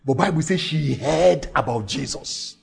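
A man preaching a sermon, fervent and shouting at times, telling stories and calling out to the crowd. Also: a little high, animated, unhurried, vocal fry, husky. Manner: fervent, shouting, storytelling with call-outs.

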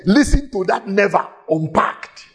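A man preaching a sermon in a church, emphatic and shouting at times, repeating phrases rhythmically and laughing between lines. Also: high-pitched, animated, unhurried. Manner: shouting, emphatic, with sudden exclamations.

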